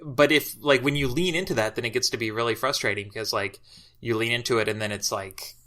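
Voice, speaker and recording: Man, podcast guest, reflective, halting delivery, bright clear tone. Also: medium pitch. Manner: hesitant, lots of filler words, reflective. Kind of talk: casual discussion.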